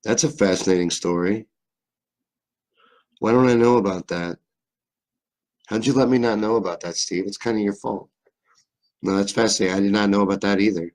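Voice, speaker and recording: A young man with a very low, deep voice and a faint Southern drawl, from Kentucky, hosting a live stream. He reads viewer comments and riffs on them in a loose, rambling way, cracking jokes and swearing freely. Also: normal speed, pauses often, a little mellow. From Kentucky, USA. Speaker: livestream host. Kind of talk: casual live-stream chat reading comments.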